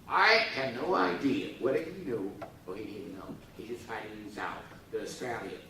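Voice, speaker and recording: A man with a fairly low voice speaks at a moderate pace, with slight background noise. Speaking at a forum in a university lecture hall, he gives students a humorous lecture, acting out little dialogues in funny voices and coaxing the audience to laugh and repeat after him. The hall is echoey and his voice sounds far off.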